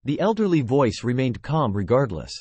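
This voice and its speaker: A text-to-speech male voice narrates a fantasy novel, its pitch rising and falling in a lively way. The sound is dry and close, with no room around it. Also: moderate pace, husky, no room sound. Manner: reads punctuation aloud. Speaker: audiobook narrator. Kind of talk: synthetic audiobook reading of a web novel.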